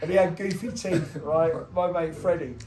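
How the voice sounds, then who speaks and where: A man's voice: fairly high pitch, steady tone, moderate pace, mellow, distant mic. An English man in his sixties chatting casually, telling rambling stories peppered with swearing. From England. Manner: swears often, rambling storytelling. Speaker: guest. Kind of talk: casual chat. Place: indoors at a pub. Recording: echoey room with music behind.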